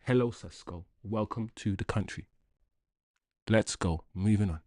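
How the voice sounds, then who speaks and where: A man hosting a football fan channel, reading transfer news aloud and riffing on it in a jokey, animated way. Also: on the low side, a little slow, no echo, studio quality. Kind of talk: casual transfer-news commentary.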